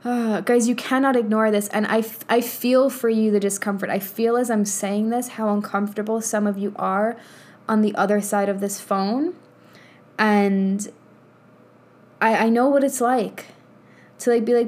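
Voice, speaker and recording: A woman's voice: medium pitch, fairly even intonation, moderate pace, a little mellow. A woman in her thirties hosting a casual motivational monologue as a spiritual coach, blunt and profane, laughing often. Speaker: podcast host and spiritual coach.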